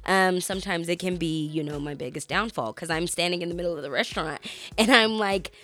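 Speaking briskly in a lowish voice, a female podcast co-host tells a story in casual conversation. She's an animated storyteller who acts out people's quotes.

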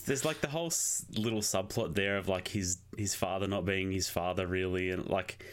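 A man giving measured, critical comments in a casual film review chat. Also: low voice. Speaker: podcast co-host.

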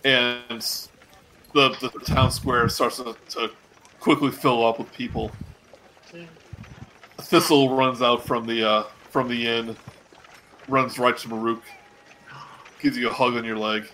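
Male game master, slow unhurried narration, bright voice, halting with fillers, faint background hiss. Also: mid-range voice, little pitch movement, rough recording. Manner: halting, many ums.

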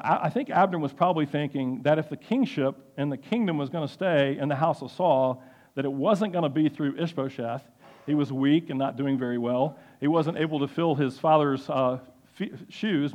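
A man giving a sermon-style Bible lesson, halting with many fillers and restarts. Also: mid-range voice, darkish tone. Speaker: Bible teacher.

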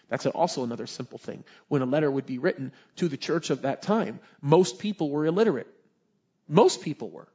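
Husky guy preaching, high voice, kinda dull lo-fi sound, gets animated telling stories. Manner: animated storytelling, voices characters in the tale. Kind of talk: sermon.

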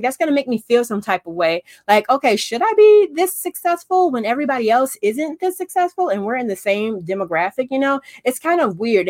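A woman coaching in a casual, chatty way, often checking in with "okay?" and acting out quotes in animated voices. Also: mid-range voice, no room sound, clean studio sound. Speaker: business coach. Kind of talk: casual talk to camera.

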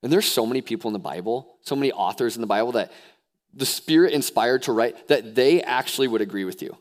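A young man preaching a sermon as pastor, animated, swinging from hushed lows to excited near-shouts. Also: fast talker. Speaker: youth pastor.

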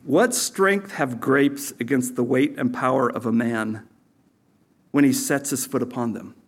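A male pastor delivers a sermon from a church service. His voice sits in a middle register, and he keeps it animated, slipping in jokes between scripture points. He lifts his pitch sharply whenever he wants a line to land. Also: measured pace. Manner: animated, jokey, pitch jumps up for emphasis.

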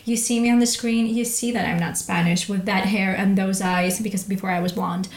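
A young woman from Ukraine, an actress, chatting in an interview in an animated way with quick restarts. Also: medium pitch. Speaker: actress, guest. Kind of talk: casual interview chat. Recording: roomy echo.

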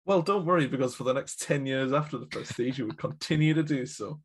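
A man's voice: mid-range voice, brisk, breathy edge. A man chatting casually about films on a podcast, joking and laughing often. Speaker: podcast co-host. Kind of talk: casual film chat.

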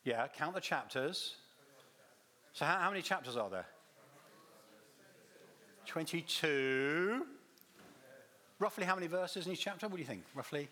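Lively, bright-voiced man teaching a congregation. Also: on the high side, measured pace, pauses often. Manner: lively, quizzes the audience, restarts phrases. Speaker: visiting Bible teacher.

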